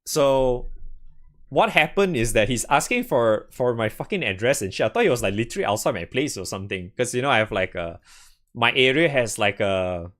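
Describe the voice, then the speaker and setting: A man's voice: medium pitch, lively intonation, brisk, fairly bright tone. A young man chatting casually to his stream audience about games, rambling, swearing freely and laughing often. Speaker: game streamer. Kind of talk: casual gaming stream chat.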